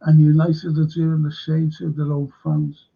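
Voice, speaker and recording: A man's voice: fairly high pitch, level tone, unhurried, vocal fry, dark tone, slightly rough, muffled recording. A man hosting a livestream show, rambling and indignant, swearing as he reads out viewer comments and reacts. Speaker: show host. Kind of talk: casual livestream rant.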